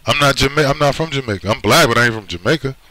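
A man's voice: mid-range voice, very fast, bright, forceful tone, low-quality recording. A man from the United States in a blunt, profane monologue who keeps checking in with "right?" and "you see?". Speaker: video commentator. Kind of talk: emphatic monologue.

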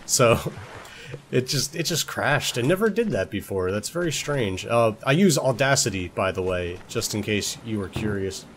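A man's voice: on the low side, animated, moderate pace, a bit bright, a little hiss or hum. Joking young guy narrating his gameplay. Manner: joking, talks to objects in the game, swears casually. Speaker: let's play commentator. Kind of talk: casual gameplay commentary. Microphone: desktop recording mic.

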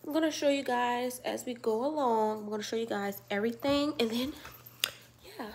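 A young woman about nineteen talks straight to her phone camera in a relaxed, upbeat vlog, sprinkling in plenty of "like." Her voice sits a bit high. There is clear background noise across the phone recording. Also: moderate pace. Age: young adult, about 19. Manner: chatty and upbeat, loose with many "like" fillers. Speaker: vlogger. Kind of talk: casual vlog chat to camera.

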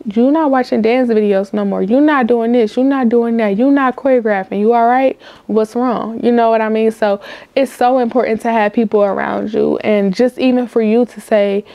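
Gravelly, frank young woman host. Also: fairly high pitch, steady tone, moderate pace, dark tone, dry recording. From Cleveland, US. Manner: frank, repetitive, talks to viewers as y'all. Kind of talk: casual candid monologue.

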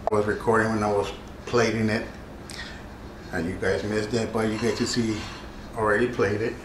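A man's voice: fairly low pitch, moderate pace, background noise. Chatty man in an echoey kitchen. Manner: relaxed, chatty, talks while eating. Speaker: cooking channel host. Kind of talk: casual cooking vlog.

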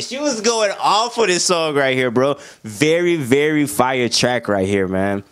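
A young man giving a casual album review, talking in a loose, slangy and excitable way. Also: medium pitch, unhurried, few pauses, smooth. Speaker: music reviewer.

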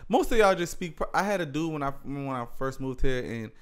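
A man's voice: fairly high pitch, animated, fairly quick, clear, resonant tone. Playful Southern-drawling man. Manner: playful, drawls words, swears freely. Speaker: podcast guest. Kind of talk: casual podcast chat.

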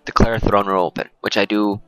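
A man's voice: on the low side, level tone, fairly quick, a bit bright, clear, resonant tone, dry recording, faint music behind, low-quality recording. A man hosting a let's play, giving rambling, jokey gameplay commentary and often correcting himself.

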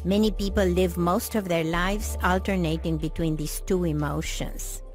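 Woman, narrator, calm, explanatory, lower pitch, soft background music. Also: normal speed. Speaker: documentary narrator. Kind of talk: scripted narration.

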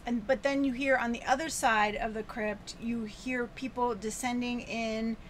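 A woman with a fairly high voice, recapping a film plot at a slow, unhurried pace and stopping often for ums. She laughs often as she talks, with a faint hiss of noise behind her. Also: steady tone. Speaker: podcast co-host. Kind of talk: casual chat about a film.

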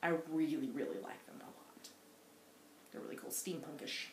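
A woman co-hosting a casual knitting podcast with her daughter, chatty and quick to laugh as she tells stories. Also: sits low, animated, background noise. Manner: chatty, giggly storyteller. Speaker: podcast co-host, mother. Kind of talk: casual chat. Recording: roomy echo.

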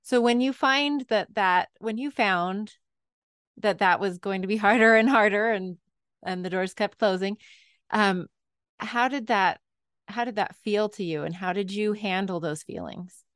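A woman's voice: mid-range voice, unhurried, a bit bright, smooth, dry recording, studio quality. A woman hosting a podcast, asking empathetic questions and sharing her own experience. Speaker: podcast host. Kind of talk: podcast interview.

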